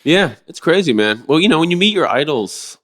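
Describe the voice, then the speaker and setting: A middle-aged man telling stories as a podcast guest in a rambling, animated way, swearing freely. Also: a little high, fairly quick. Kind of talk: casual interview storytelling.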